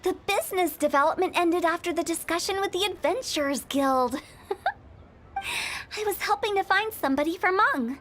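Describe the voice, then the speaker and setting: A woman's voice: extremely high pitch, very animated, normal speed, a bit bright, full character voice. A woman voicing a playful, mischievous young funeral director in a video game, talking with teasing, giggly sales patter. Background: game music.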